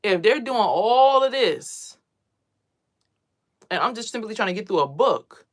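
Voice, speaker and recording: A young adult woman, a spiritual vlogger, talking casually and bluntly to camera with lots of swearing, getting louder as she gets worked up. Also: mid-range voice, unhurried. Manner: blunt, profane, ranting; animated, swings louder when worked up.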